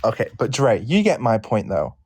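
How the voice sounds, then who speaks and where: A British man hosting a casual online chat, playful and quick to laugh. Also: medium pitch, a crowd in the background. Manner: animated, laughs often, playful. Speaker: host.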